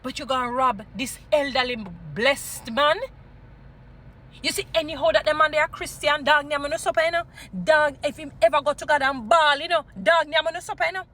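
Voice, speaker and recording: A Jamaican woman vlogging, scolding and preaching in an animated mix of patois and English, weaving in Bible stories. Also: sits high, a little fast. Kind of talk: impassioned commentary with Bible stories.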